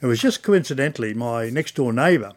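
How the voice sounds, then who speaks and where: An older Australian man telling stories in an oral history interview, chatty and animated, acting out old conversations. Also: mid-range voice, brisk. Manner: chatty storyteller, acts out dialogue.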